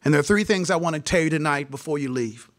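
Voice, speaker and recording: A man's voice: fairly high pitch, quick pace. A man preaching an impassioned sermon at a seminary gathering, repeating phrases and addressing his listeners directly.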